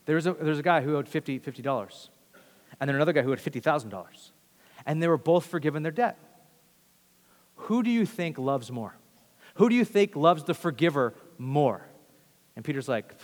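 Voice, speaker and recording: A man preaching a sermon, earnestly shifting between hushed and forceful emphasis. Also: a little high, animated, moderate pace, long pauses, big-room sound. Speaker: pastor.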